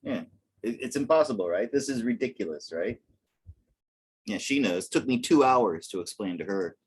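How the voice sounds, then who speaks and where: A man's voice: on the low side, lively intonation, moderate pace, breathy edge. A man bantering on a livestream, teasing and wry. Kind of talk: casual banter.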